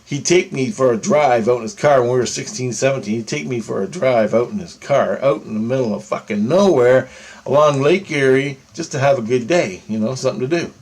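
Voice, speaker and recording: A young man with a voice of average pitch talks his way through a dream in a loose, rambling monologue. He swears constantly and keeps checking in with "right?" and "okay?" as he goes. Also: fairly quick, darkish tone, slightly rough. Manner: heavy cursing, rambling, repeats "right?" and "okay?". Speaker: vlogger. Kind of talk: casual monologue recounting a dream.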